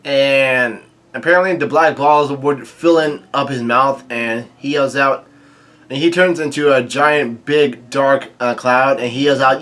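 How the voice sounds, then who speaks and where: Bright-voiced man recapping haltingly. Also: mid-range voice, fairly even intonation. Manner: halting, frequent fillers and restarts, quick asides. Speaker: manga reaction host. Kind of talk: casual chapter recap, reading out dialogue.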